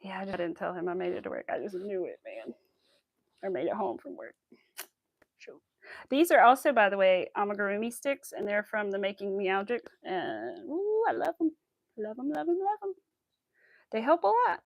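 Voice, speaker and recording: On a casual crochet livestream, a woman crafting channel host chats and giggles with viewers while she works. Her medium-pitched voice has lively intonation and a moderate pace, recorded with no room sound and a dull audio quality.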